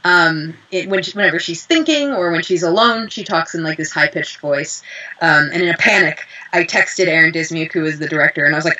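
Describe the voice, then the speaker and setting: A young woman, a voice actress, chatting in an interview and telling lively stories with acted-out quotes. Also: sits low, fairly quick, lo-fi sound. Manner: animated storyteller, acts out quotes. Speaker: voice actress guest. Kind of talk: casual interview chat.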